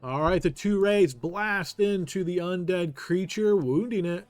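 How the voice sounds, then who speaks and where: High-voiced man running a game. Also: a little mellow, no echo, faint music behind. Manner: brisk, matter-of-fact rulings. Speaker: game master. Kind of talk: narrating a tabletop game.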